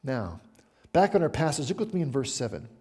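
Chatty and animated, a middle-aged pastor delivers a sermon with frequent asides and questions to the congregation. His voice is husky, medium-pitched, and fairly quick.

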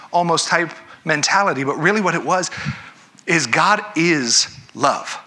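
Man, pastor, sermon, conversational, very bright tone, slightly high voice. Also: normal speed. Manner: conversational, self-correcting, asks the congregation questions.

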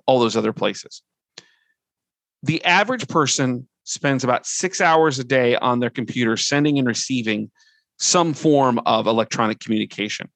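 A middle-aged man giving a conversational training presentation, earnest and relaxed as he walks through his points one by one. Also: medium pitch, dry recording.

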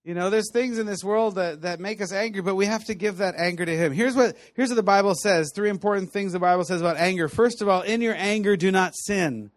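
Guy preaching a sermon, kinda high voice, chatty storytelling, dry close sound. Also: fast talker, few pauses, no echo. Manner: conversational, animated storytelling with laughs. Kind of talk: sermon teaching.

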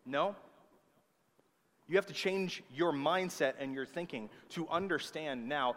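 Preacher guy, slightly high voice, keeps saying okay, big echo of a church hall. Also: a little slow, a bit bright. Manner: emphatic, checks in with "okay?" often. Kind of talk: sermon. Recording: long hall reverb.

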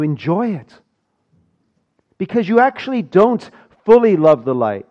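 A man from South Africa preaching a sermon, rising loud for emphasis and dropping to a hushed low voice. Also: big pitch swings, measured pace, long pauses. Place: church. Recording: dull lo-fi sound.

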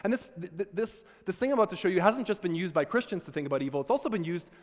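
A man's voice: high-pitched, expressive, very fast. A man lecturing to students, telling a personal story in an earnest, conversational way with frequent restarts. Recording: long hall reverb.

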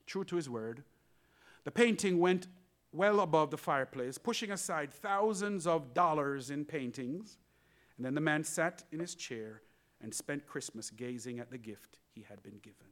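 Male pastor, lively sermon storyteller, bright and forceful tone, pitch a bit high. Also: moderate pace. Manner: animated storytelling, addresses congregation.

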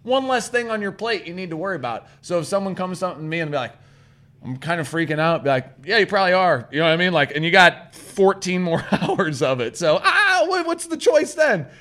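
A man co-hosting a podcast, talking loosely with a slightly raised pitch. He swears freely and breaks into laughs often. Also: a little fast, a bit bright. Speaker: podcast co-host. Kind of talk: casual chat.

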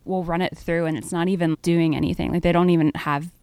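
Lower-pitched woman, casual podcast guest, loose and chatty, dry close mic. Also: fairly even intonation, fast talker, darkish tone, smooth, no echo. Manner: laid-back, many fillers, laughs easily. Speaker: podcast guest, audio engineer. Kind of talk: casual chat.

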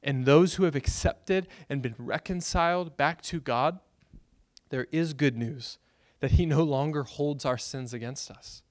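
A pastor, preaching a sermon and telling stories with bursts of loud excitement. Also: male voice, on the high side, measured pace, no echo, clean studio sound.

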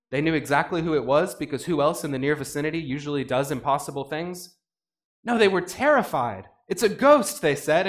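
A man preaching a sermon in an animated way, acting out the voices he quotes. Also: a little high. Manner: animated, acts out quoted voices with rising intensity. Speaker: pastor.

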